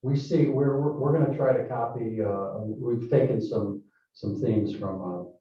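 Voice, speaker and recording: A man presenting a development project at a town board meeting, speaking haltingly with many fillers and restarts. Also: mid-range voice. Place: town hall meeting room. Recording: echoey council chamber, distant mic, muffled.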